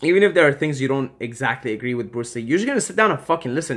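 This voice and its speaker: A man giving impassioned advice to camera, emphatic and swearing freely, swinging between loud urging and quiet reassurance. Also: medium pitch, expressive, rapid-fire. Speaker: vlogger.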